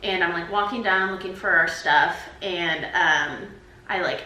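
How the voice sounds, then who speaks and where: A woman in her twenties vlogs to her camera, telling stories in a chatty way full of "like." Her voice is lowish, unhurried and sharp in tone. The camera-mic recording is low quality, in an echoey room.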